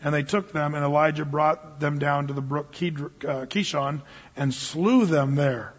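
Husky-voiced man preaching in a reverberant hall. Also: a little high, measured pace. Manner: casual, animated storytelling preacher. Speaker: pastor. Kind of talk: sermon. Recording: dull recording with long hall reverb.

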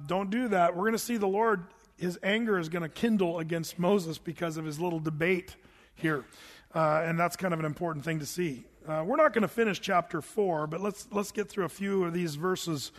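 A middle-aged pastor with a high voice preaches a verse-by-verse sermon, telling stories animatedly and acting out the characters' voices. A long reverb tail trails his words.

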